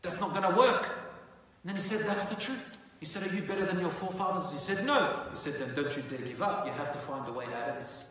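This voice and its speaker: A man telling a dramatic story as a sermon, going from hushed lines to loud, animated ones. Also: high-pitched, a little fast, hardly any pauses, far from the mic, a little hiss or hum. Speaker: preacher. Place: mosque prayer hall. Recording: echoey hall, mic from afar.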